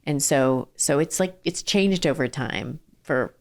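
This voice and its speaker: Unhurried and a little mellow, this low-voiced middle-aged woman, founder and CEO of an ice cream company, is a guest in a casual interview. The southern Californian speaks earnestly, often using fillers and starting over.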